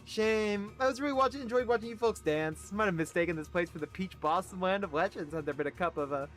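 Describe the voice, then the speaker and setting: Man voicing a mocking theatrical swordsman, silky, high voice, faint music. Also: quick pace, fairly bright tone. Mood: smug.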